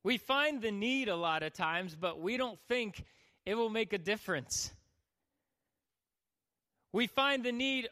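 A man's voice: high-pitched, lively intonation, a little slow, long pauses, sharp tone. A young man preaching a sermon as a youth pastor, joking and acting out the people in his stories. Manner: joking, acts out voices. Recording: long hall reverb.

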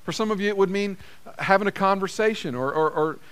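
Pastor guy with a high voice preaching in church, chatty, keeps repeating lines for emphasis. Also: fairly quick, a bit bright, smooth. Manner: conversational, repeats phrases for emphasis. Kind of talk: sermon.

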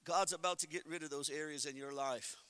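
A man preaching a sermon as pastor, swinging between quiet talk and shouting, and telling funny stories with acted-out inner voices. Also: on the high side, steady tone, a little fast, clear, resonant tone, no echo.

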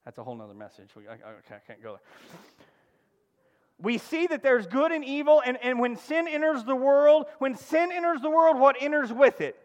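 Preacher guy, pretty high voice, super animated, loud then hushed, lots of hall echo. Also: moderate pace, lo-fi sound. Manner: emphatic, call-and-response preaching with sudden drops to a hush. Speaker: pastor. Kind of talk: sermon.

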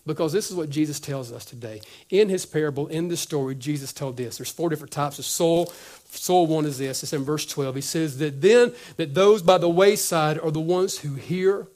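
A man's voice: a little high, normal speed. A male pastor preaching a sermon, acting out little conversations and dropping to a near whisper at times. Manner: animated, acts out dialogue, drops to whispers.

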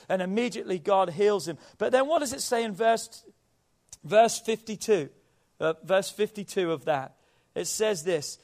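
Guy preaching a sermon, fairly high voice, lots of back-and-forth questions. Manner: preacher cadence, rhetorical questions, drawn-out repeated phrases. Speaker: pastor.

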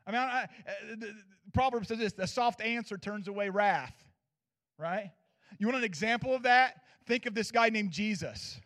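A man preaching a sermon as pastor, swinging from loud declarations to hushed asides and checking in with his listeners. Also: sits high, moderate pace. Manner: asks the audience for agreement.

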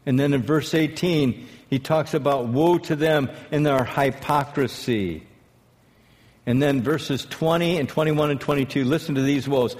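A man delivers a sermon in an easy, conversational way, full of rhetorical questions and quick restarts. His voice sits a little high for a man. It rings out with long reverb, as if he is in a large church hall. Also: a little mellow. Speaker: pastor.

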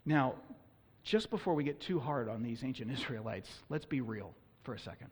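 A man preaching a sermon as pastor, animated, sometimes acting out the people he quotes. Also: mid-range voice, moderate pace, slightly rough. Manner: animated, acts out quoted complaints. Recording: long hall reverb.

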